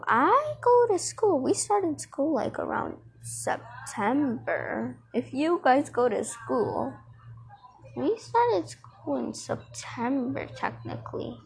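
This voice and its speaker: A woman's voice: high-pitched, very animated, slow pace, gravelly, slight background noise, poor audio. A teenage girl chatting casually to her viewers in a rambling, distracted way, full of fillers, with a dry throat. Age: teens. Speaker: vlogger.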